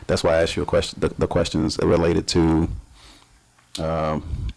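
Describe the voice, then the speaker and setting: A man's voice: extremely low pitch, monotone, normal speed, gravelly, darkish tone. A man hosting a casual interview, asking long rambling questions with many restarts. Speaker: podcast host.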